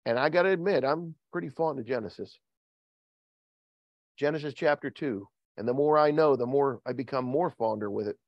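A man's voice: moderate pace, no room sound, highs cut off. A man preaching a sermon as pastor, joking and asking the congregation questions. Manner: joking, asks the congregation questions, lively swings in pitch. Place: church. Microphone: video call recording.

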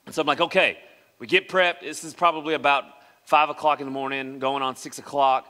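A young man from West Tennessee, preaching as a pastor and telling a personal story in an animated way, acting out the voices of the people in it. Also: mid-range voice, fairly quick. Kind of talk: sermon storytelling. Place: church sanctuary. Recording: long reverb of a church hall.

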